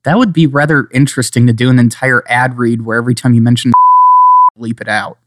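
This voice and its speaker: A man's voice: mid-range voice, steady tone, quick pace, no echo. A man co-hosting a podcast in casual, joking chat, rambling and sometimes slipping into playful put-on accents. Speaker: podcast co-host.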